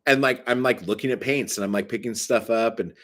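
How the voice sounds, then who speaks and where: A man's voice: mid-range voice, a little fast, fairly bright tone. A man vlogging a casual ranting monologue, profane and exasperated, telling his story with animation.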